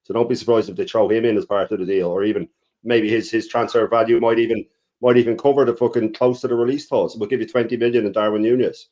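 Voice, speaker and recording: A man talking fast and bluntly, stressing his points with the odd swear word. His voice is low and mellow, with a dark tone. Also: flat delivery. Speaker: co-host. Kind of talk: fast fan debate.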